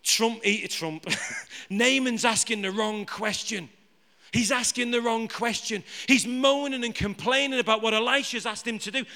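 A man's voice: very high voice, normal speed, bright, forceful tone. A man preaching a live sermon to a congregation. He jokes with the room and keeps asking it rhetorical questions. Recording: reverberant hall.

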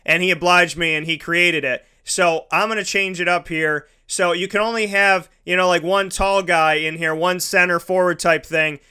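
Bright-voiced enthusiastic man hosting. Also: high voice, fairly even intonation, normal speed, hardly any pauses, smooth. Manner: enthusiastic, rambling, restarts a lot. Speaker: host. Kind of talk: casual interview chat.

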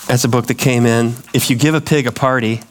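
A man's voice: medium pitch, fairly even intonation, a little fast. A pastor preaching a sermon, emphatic and repetitive, putting questions to his congregation.

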